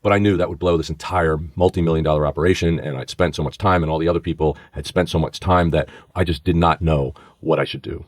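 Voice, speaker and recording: A middle-aged man, a former FBI agent, co-hosting a podcast and telling a story with lively acted-out voices. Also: extremely low pitch, fast, hardly any pauses, no room sound, studio quality. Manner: vivid storyteller who acts out voices. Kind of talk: storytelling in conversation. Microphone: studio microphone.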